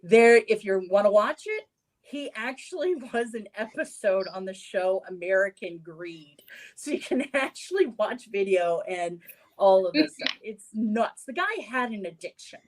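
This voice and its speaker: Speaking at a measured pace with a mid-range voice and lively intonation, a woman gives casual opinions on a sports podcast segment. Her manner is chatty, and she laughs at her own jokes.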